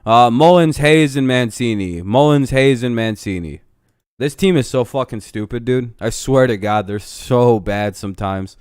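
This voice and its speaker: A man hosts a live stream watch-along of a game, rambling, arguing and cursing heavily in casual conversation. His voice is lowish, darkish and smooth, captured in studio quality with no room sound.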